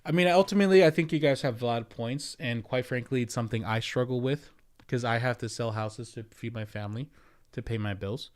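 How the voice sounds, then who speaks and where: A man's voice: medium pitch, fairly even intonation, a little fast. A man in his thirties with an American accent, hosting a casual livestream and rambling through viewer comments with lots of fillers. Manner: rambling and conversational, answering chat with frequent fillers. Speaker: livestream host and real estate agent.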